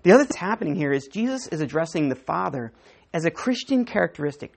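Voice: medium pitch, sing-song, fast, creaky, breathy edge. A preacher giving a sermon, walking through a Bible passage verse by verse and acting out the quoted dialogue, with frequent self-corrections.

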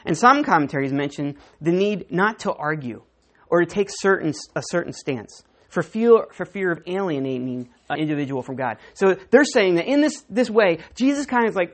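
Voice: medium pitch, lively intonation, normal speed. A preacher giving a sermon, walking through a Bible passage verse by verse and acting out the quoted dialogue, with frequent self-corrections.

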